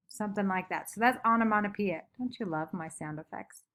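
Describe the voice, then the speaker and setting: A woman's voice: mid-range voice, fairly even intonation, normal speed, hardly any pauses, a bit bright. A woman teacher giving a recorded lesson from home, chatty and upbeat, making playful sound effects.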